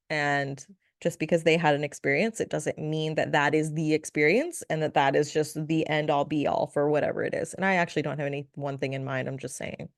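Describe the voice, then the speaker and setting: A woman's voice: sits low, dry recording, clean studio sound. A woman hosting a solo spiritual podcast, talking in a chatty, playful way with frequent giggles and asides. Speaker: podcast host, spiritual reader.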